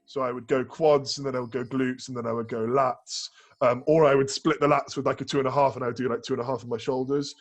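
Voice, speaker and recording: A man's voice: mid-range voice, fast talker, slight background noise. A man, a bodybuilding coach as a podcast guest, talking casually in rambling, profane stories full of restarts and fillers. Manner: animated storyteller.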